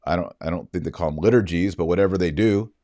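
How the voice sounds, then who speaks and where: A middle-aged man hosting a podcast, telling a story in a lively way and acting out the quoted dialogue. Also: low-pitched, quick pace, no echo, studio quality. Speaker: podcast host. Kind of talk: casual commentary monologue.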